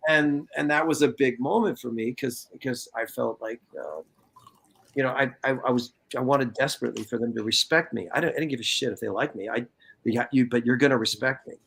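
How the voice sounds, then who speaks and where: A man in his fifties from California, telling stories in a casual interview, animated and profane, acting out what people said. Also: medium pitch, fairly quick, vocal fry, breathy edge. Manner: animated, profane, acts out quotes. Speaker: guest, former soccer player.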